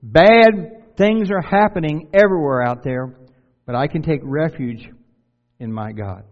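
A man's voice: fairly high pitch, normal speed, in a large hall, muffled recording. A man from Delaware preaching a sermon in a conversational way, putting questions to his listeners and adding self-deprecating humor. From Delaware, USA.

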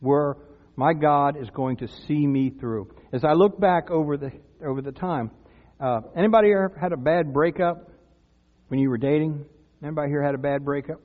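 An older man preaching a sermon in a church, earnest and conversational, rising to loud cries when he voices prayers. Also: fairly high pitch, moderate pace. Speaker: pastor. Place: church sanctuary. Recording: tinny lo-fi sound with long church reverb.

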